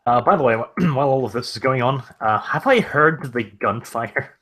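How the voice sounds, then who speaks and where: A man's voice: mid-range voice, expressive, moderate pace, sharp tone. A man playing a tabletop game, joking in a dry, casual way. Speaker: player.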